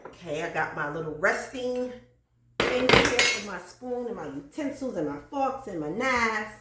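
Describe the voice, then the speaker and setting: A woman's voice: medium pitch, lively intonation, a little slow, far from the mic, background noise. Chatty woman cleaning her kitchen, goes up and down a lot, laughs, bit of room echo. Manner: chatty, laughs often, drifts into sung and preaching cadences. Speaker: cooking channel host. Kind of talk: casual chat while cleaning. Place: home kitchen.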